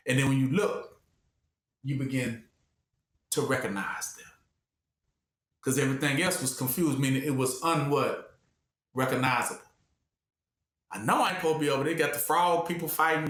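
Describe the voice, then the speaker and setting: A man's voice: fairly high pitch, a little fast, fairly bright tone. A man preaching a call-and-response sermon, asking the room to finish his sentences and acting out voices. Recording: echoey room.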